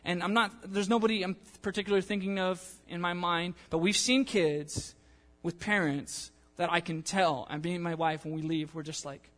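A young man preaching a sermon in a church in a casual, animated way, acting out the people he quotes. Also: sits high, normal speed, hardly any pauses. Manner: animated, conversational, acts out quotes. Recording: long church-hall reverb.

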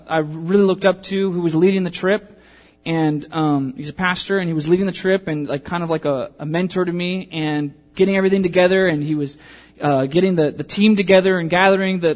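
A pastor in his thirties preaches a sermon built around a personal story, acting out the voices of the people in it. His delivery is animated and brisk, in a voice that sits a little high.

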